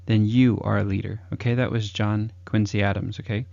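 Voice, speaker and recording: Gravelly low-voiced man giving casual advice. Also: a little fast, few pauses, no room sound. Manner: loose and chatty, many fillers, acts out upbeat sample greetings. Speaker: communication advice host. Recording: dull lo-fi dry recording.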